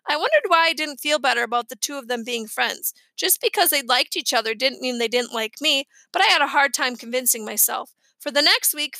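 A woman narrating a children's novel in a lively, expressive way. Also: high-pitched, dry recording. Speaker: reader. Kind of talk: audiobook narration.

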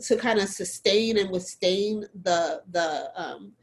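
A woman talks in a candid, animated way as a guest, laughing often and circling back through her sentences. Her voice sits at an ordinary middle pitch for a woman. She keeps the flow personal and expressive. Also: slow, poor audio. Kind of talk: candid conversation.

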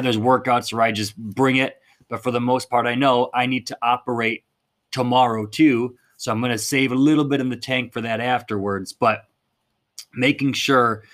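A man's voice: medium pitch, fairly bright tone. A man hosting a fitness podcast in a blunt, fired-up monologue, swearing casually as he talks.

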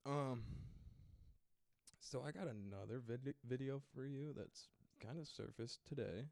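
A man's voice: mid-range voice, measured pace, gravelly, a little mellow, no echo, clean studio sound. A young man co-hosting a podcast, chatting casually in a teasing, crude, playful manner. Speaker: podcast co-host. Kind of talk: casual chat.

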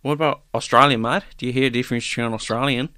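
A man's voice: medium pitch, racing, clean tone, no echo, studio quality. A man co-hosting a podcast, chatting casually and playfully with frequent swearing. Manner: swears a lot, lively, jokey. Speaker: podcast co-host. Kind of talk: casual chat.

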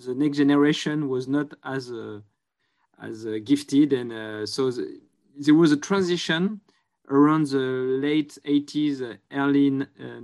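A man's voice: medium pitch, a little mellow. French-accented man, hesitant interview guest. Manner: hesitant, many uhs, searching for words. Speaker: journalist guest. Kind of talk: interview answers.

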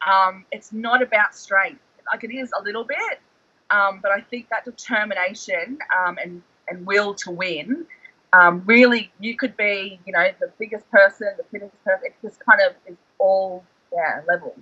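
Brief: chatty man guest, bright and a bit husky, dull lo-fi sound. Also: high voice, moderate pace, dry recording. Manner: excitable, animated storyteller, fillers like "like". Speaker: guest, former reality show contestant. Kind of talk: casual chat.

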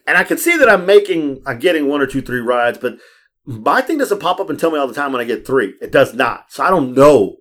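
A man hosting a casual podcast, telling stories in an animated way, acting out the voices of people he quotes and swearing freely. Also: medium pitch, brisk. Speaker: podcast host. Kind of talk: casual storytelling chat.

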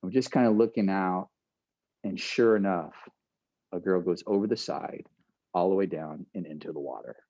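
A middle-aged man casually retelling a story, animated, laughing now and then and acting out what people said. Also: deep voice, moderate pace, gravelly, no echo, lo-fi sound. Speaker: guest telling a story.

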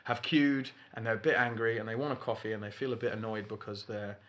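Young man, casual co-host, bright tone, animated storyteller. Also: lowish voice. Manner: animated storytelling with quick mock voices. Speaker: podcast co-host. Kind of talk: casual chat.

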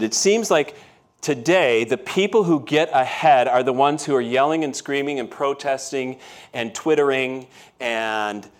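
A man preaches to his congregation in a relaxed, conversational sermon. He tells everyday stories and keeps asking his listeners questions. His voice sits in an ordinary middle range. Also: mid-range voice. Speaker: pastor. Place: church.

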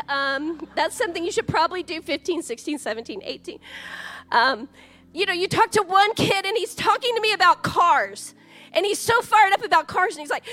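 Very high, bright-voiced woman pastor. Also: moderate pace. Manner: lively, chatty and joking. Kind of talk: sermon. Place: church.

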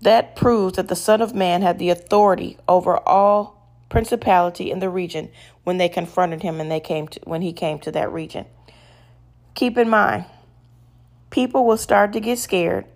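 A woman's voice: on the low side, moderate pace, a little mellow. A woman hosting a devotional podcast, reading scripture and then teaching on it in an earnest, conversational, emphatic way.

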